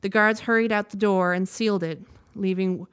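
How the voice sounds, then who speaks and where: A woman reading a news report aloud in a measured, steady way, now and then stopping to correct a word. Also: medium pitch, clean tone. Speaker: news reader.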